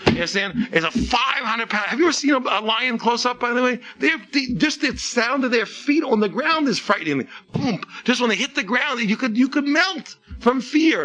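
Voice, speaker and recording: A man teaching a religious talk in a casual, animated way, full of restarts and rhetorical questions. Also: high-pitched. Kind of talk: informal Torah talk.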